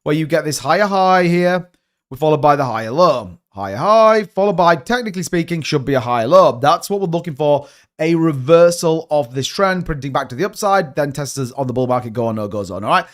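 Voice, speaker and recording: Animated man hosting a crypto live stream. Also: on the high side, brisk. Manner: animated, joking, repeats catchphrases. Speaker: crypto channel host. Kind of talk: casual live-stream market commentary.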